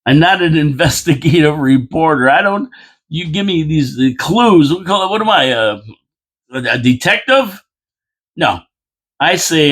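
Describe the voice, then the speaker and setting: A man's voice: medium pitch, normal speed, a bit bright. A man hosting a casual local politics show, rambling and chatty, repeating phrases and reading out viewer comments with mock-indignant asides.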